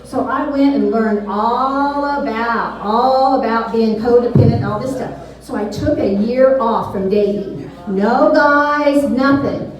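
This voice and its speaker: A woman's voice: a little high, a little slow, few pauses, lo-fi sound. A middle-aged woman doing off-the-cuff stand-up, rambling and candid, often laughing at her own jokes. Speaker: stand-up comedian. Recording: echoey room, voice from far off.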